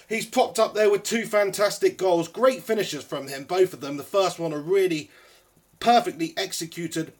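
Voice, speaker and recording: A young man hosting a live post-match football reaction stream, chatty and excitable, a bit out of breath. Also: high-pitched. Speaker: football fan channel host.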